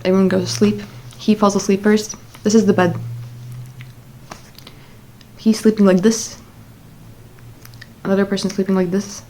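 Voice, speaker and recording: A chatty young woman recounting a personal story for her vlog, with a voice at an everyday middle pitch. Her talk is loose and casual, full of fillers and little asides, with a faint hiss of noise behind her. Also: little pitch movement, normal speed, long pauses, mellow. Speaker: vlogger.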